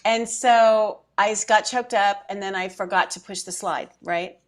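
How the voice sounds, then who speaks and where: In a casual podcast conversation, the middle-aged woman co-host becomes emotional enough to nearly cry at moments. Her mid-range voice moves at a normal speed as she animatedly tells stories and acts out her thinking.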